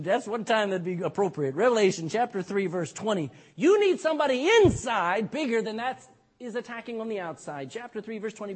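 A man's voice: sits high, expressive, brisk, slightly rough. A man preaching a sermon in an emphatic style, often tagging lines with "amen" and asking the congregation questions. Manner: emphatic, repeats "amen" and "you know". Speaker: pastor.

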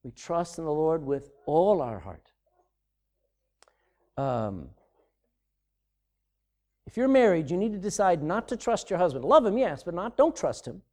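A middle-aged man preaching a sermon as pastor, swinging from loud emphasis to sudden hushed drops. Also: a little high, sing-song, a little slow, pauses often.

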